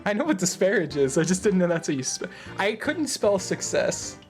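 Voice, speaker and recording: A man's voice: high-pitched, sing-song, normal speed, faint music behind. Young man reading a story aloud, laughing often. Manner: laughing, swearing, joking. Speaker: audiobook reader. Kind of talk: reading a visual novel aloud with casual chat.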